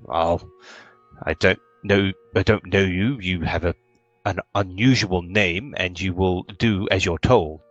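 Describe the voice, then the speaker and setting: A man voicing a gruff male city guard who orders people about. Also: sits low, fairly even intonation, a little slow, dull audio, soft background music. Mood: stern.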